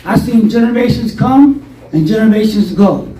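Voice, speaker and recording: A man's voice: sits high, normal speed, recorded from a distance. Older man telling a rambling story. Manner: rambling, animated storytelling with acted quotes. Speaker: interview guest. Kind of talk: storytelling interview. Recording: roomy, from off-mic.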